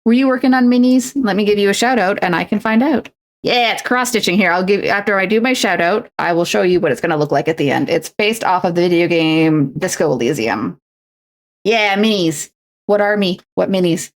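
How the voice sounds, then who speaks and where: A woman's voice: medium pitch, brisk. A woman livestreaming, chatting casually while crafting, rambling and self-deprecating with frequent restarts.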